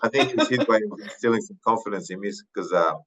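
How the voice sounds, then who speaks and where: A man in his thirties from Papua New Guinea talks through his memories slowly, with many ums and restarts. His voice sits low, and the podcast audio sounds dull and lo-fi. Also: a loud crowd. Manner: thoughtful, unhurried, many fillers and restarts. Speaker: podcast guest, retired rugby league player. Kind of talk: casual interview storytelling.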